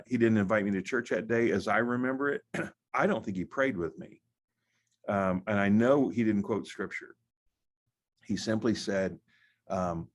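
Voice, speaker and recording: Middle-aged guy, pastor, kinda low voice, stops and restarts a lot, just talking it through. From United States. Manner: halting, many restarts and fillers. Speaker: pastor and guest. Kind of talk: conversational testimony.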